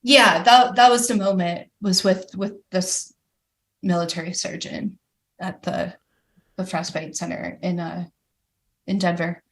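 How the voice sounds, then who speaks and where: A woman's voice: lowish voice, fairly even intonation, unhurried. A woman guest on a podcast, telling her story candidly and animatedly, with many "like" fillers. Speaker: guest, professional climber. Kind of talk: casual podcast interview.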